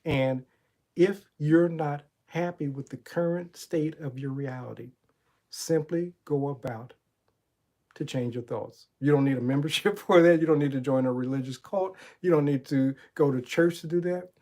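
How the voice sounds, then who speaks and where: Speaking at a moderate pace in a fairly high, slightly mellow voice, a middle-aged man gives a spiritual talk. He's a motivational coach and channel host, using a preacherly storytelling style to retell Bible stories and ask rhetorical questions.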